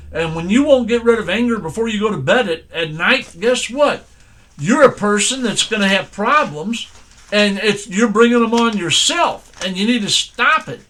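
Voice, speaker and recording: An older man preaches in a folksy, plain-spoken way, his voice sitting high for a man. He slows right down to read scripture aloud. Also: a bit bright. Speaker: pastor. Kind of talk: sermon.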